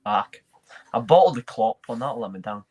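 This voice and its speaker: A man's voice: mid-range voice, lively intonation, normal speed, a little mellow, breathy edge. A man hosting a live football watchalong, chatting loosely with banter and restarts. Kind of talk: casual chat.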